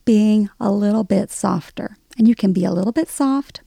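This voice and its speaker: A woman, an author giving a radio interview, animated and often laughing. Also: medium pitch, moderate pace, creaky, dry recording, clean studio sound. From American South. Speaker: author guest.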